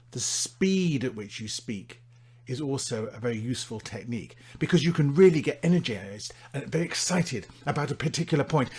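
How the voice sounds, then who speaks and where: A man teaching presentation delivery, demonstrating his points with big swings in loudness and dramatic pauses. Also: mid-range voice, breathy edge. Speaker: public speaking instructor. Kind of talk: instructional presentation.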